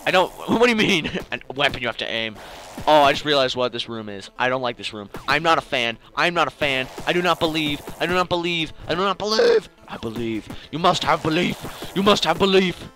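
Excitable young man narrating his gameplay. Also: on the high side, fairly quick, faint music behind. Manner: excitable, jokey, talks to the game and enemies. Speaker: gaming channel host. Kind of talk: casual gameplay commentary.

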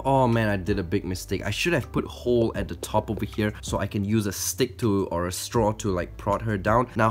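A man vlogging as he handles a defensive tarantula, anxious and exclaiming, talking to viewers and to the spider. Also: lowish voice. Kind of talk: casual vlog narration while handling a spider.

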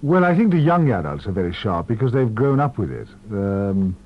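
A man with a low, richly varied voice swoops from deep murmurs to bright, eager peaks as he spins anecdotes for a radio interview. The sound is dull and muffled, an old 1970s broadcast archive with faint hum behind. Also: moderate pace. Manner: expansive, animated storytelling. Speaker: actor as interview guest.

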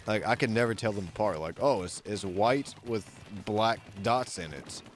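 A man streaming a video game, chatting casually and excitably with his friends, swearing now and then. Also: moderate pace, a little hiss or hum. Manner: excitable, swears, pitch jumps when hyped. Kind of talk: casual gameplay commentary. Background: faint game music.

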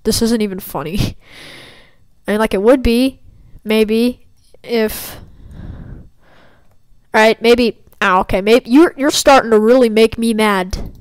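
A woman's voice: a little high, slow pace, smooth, no echo, low-quality recording. Playful trash-talking woman gamer. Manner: playful trash-talk at opponents. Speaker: gameplay commentator. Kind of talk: casual gaming commentary.

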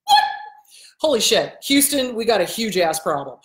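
A woman counselor talks straight to her viewers in a casual, blunt way. She hammers her points home by repeating them and swears now and then without fuss. Her voice sits at an ordinary pitch, and the room around her sounds echoey. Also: very animated, a little fast. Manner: acts out quoted people in a shifted voice. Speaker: host and counselor answering viewer questions. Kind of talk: casual advice talk to camera. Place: indoors in front of a backdrop.

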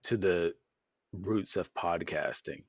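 A man's voice: low voice, slow pace, creaky, breathy edge, dry recording, dull audio. A man co-hosting an unscripted podcast, rambling and repeating words as he overanalyzes ideas aloud. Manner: overanalyzes word meanings. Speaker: podcast co-host. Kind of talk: unscripted casual chat.

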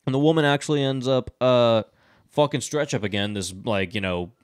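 A man's voice: mid-range voice, expressive, a little fast, smooth. A man hosting a podcast, casually recapping a movie plot in a rambling, profane way, full of fillers. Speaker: podcast host.

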